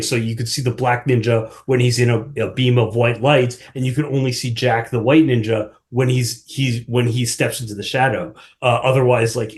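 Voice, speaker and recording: A man chatting as a podcast guest in a voice of ordinary pitch, loose and rambling. He strings thoughts together with many fillers and false starts. He laughs easily as he goes. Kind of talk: casual chat.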